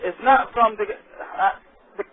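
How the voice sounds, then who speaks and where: A man who owns a liquor store, answering a phone call with patient, firm and halting replies. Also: sits high. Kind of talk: phone conversation. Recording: tinny phone line with loud crowd noise.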